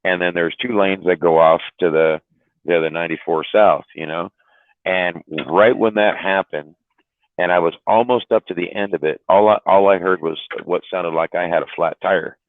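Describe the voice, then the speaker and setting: A man's voice: fairly even intonation, moderate pace, no echo. A man, a truck driver, telling a story in casual chat, swearing and repeating words as he goes. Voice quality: deep, drawling, repeats words while telling. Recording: dry tinny phone-like line.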